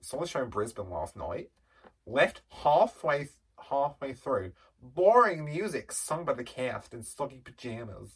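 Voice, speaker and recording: A man's voice: medium pitch, sing-song, takes it slowly, hardly any pauses, fairly bright tone, husky, distant mic, heavily acted. A man putting on a jokey Australian reviewer voice. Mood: mocking.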